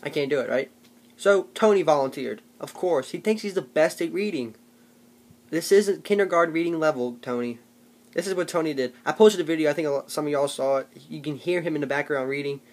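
A man's voice: on the high side, fairly quick. A young man telling comic stories in a rambling, jokey vlog, often putting on mock voices. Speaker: vlogger. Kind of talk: comedic storytelling vlog.

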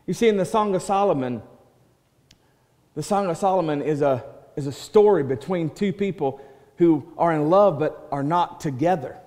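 A male pastor preaching a sermon, swinging from loud proclaiming to soft hushed quoting and restarting words as he builds a point. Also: a little high, normal speed. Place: church sanctuary. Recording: church hall reverb.

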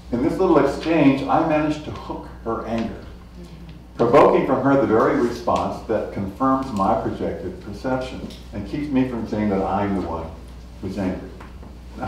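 A man's voice: mid-range voice, slight background noise. Male lecturer in an echoey hall. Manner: measured explanatory delivery with acted anecdotes. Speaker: guest lecturer. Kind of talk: public lecture. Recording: echoey hall, mic from a distance.

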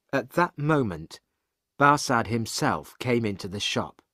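Slow, deliberate male storyteller. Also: mid-range voice, expressive, pushed and bright, no echo, studio quality. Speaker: narrator. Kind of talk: graded reader audiobook narration.

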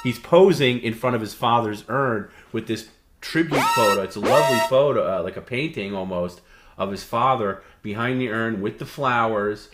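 A man co-hosting a livestream, lecturing with halting restarts. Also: medium pitch. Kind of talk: casual chat. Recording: roomy sound over loud music.

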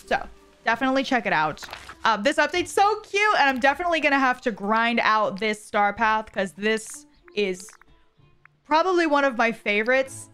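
A woman's voice: fairly high pitch, animated, brisk, a bit bright, clear, resonant tone, soft background music. A young woman streaming a cozy video game, chatting casually with her viewers while jet-lagged. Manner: chatty, giggly, says y'all. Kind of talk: casual live-stream chat.

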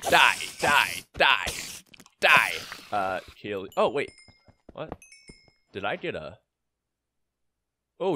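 A man's voice: mid-range voice, slight background noise. A young man giving casual let's-play commentary, rambling with joking asides as he plays. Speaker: gamer.

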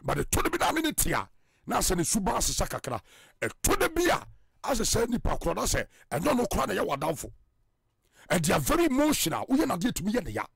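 Husky gravelly Ghanaian preacher, lively pitch. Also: male voice, fast, no echo, clean studio sound. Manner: emphatic, rising to loud bursts. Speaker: evangelist. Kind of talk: preaching in Twi and English.

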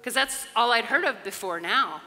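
A woman pastor, preaching a lively sermon that swings from soft talk to shouts, often laughing. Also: a little high, normal speed. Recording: live church hall reverb with music.

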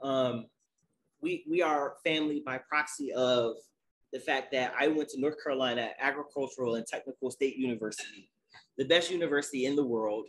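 A man's voice: medium pitch, brisk. Upbeat man hosting a live chat. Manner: energetic, playful hype when introducing guests. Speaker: host. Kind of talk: casual live podcast conversation.

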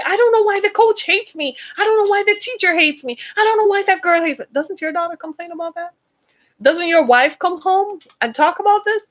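In poor audio, an American woman with a rather high, fairly bright voice addresses her listeners as "y'all" in a forceful motivational talk that sounds like preaching.

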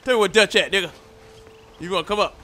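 A man doing let's play commentary, talking back at the game in a loud, brash, profane way. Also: sits high, fast talker. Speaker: gamer. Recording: game audio and noise behind.

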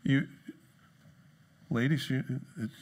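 A man preaching a sermon in a casual, joking way, acting out quoted excuses in higher, put-on voices. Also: takes it slowly, a little mellow. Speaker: pastor. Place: church.

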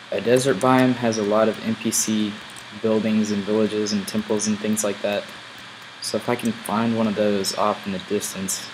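A man's voice: fairly low pitch, noisy background. A man casually commenting while he plays a game, thinking aloud as he goes. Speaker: gameplay video host.

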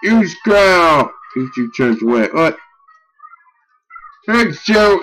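A young man giving casual gameplay commentary, excitable and easily frustrated, swearing and yelling at his game. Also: on the high side, slow pace, long pauses, faint music behind, rough recording. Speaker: let's play gamer.

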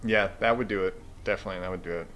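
A man's voice: deep voice, steady tone, racing, a bit bright. A man hosting a casual podcast, reading viewer questions with many hesitant fillers. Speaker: podcast host. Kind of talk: casual chat.

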